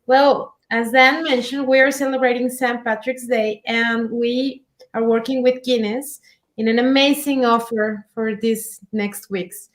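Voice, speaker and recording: A friendly woman with a fairly high voice pitches food offers in casual conversation. Her tone is light and she laughs easily. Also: fairly even intonation, measured pace. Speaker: restaurant commercial director. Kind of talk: casual promotional chat.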